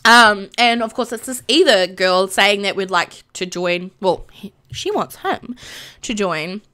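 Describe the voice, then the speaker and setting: A woman's voice: medium pitch, expressive, unhurried, bright, forceful tone. A young woman streaming a live let's play, chatting emotionally about the game with lots of filler ums.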